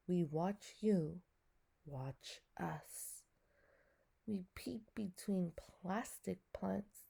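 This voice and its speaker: A woman reading a poem in the voice of a small orange clownfish in an aquarium, slowly and softly, partly whispered. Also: fairly low pitch, vocal fry, slightly rough, heavily acted.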